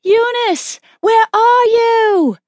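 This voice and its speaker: A woman's voice: a little high, lively intonation, takes it slowly, dry recording, voice pushed up. A woman voicing an exhausted, terrified young mother who shrieks frantically, in a dry recording. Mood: frantic.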